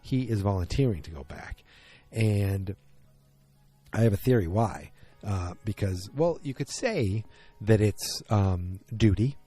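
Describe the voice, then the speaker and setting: Brief: male podcast host, lower voice, mellow tone, casual rambling recap full of ums. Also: expressive, measured pace, slightly rough, soft background music. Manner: rambling, many fillers and restarts. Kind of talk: casual solo episode recap.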